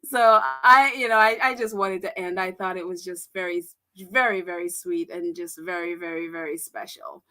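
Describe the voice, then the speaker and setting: A woman's voice: lowish voice, fairly even intonation, moderate pace, hardly any pauses, bright, forceful tone. A woman hosting a casual livestream, chatty, with frequent laughter and filler words. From United States. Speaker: livestream host.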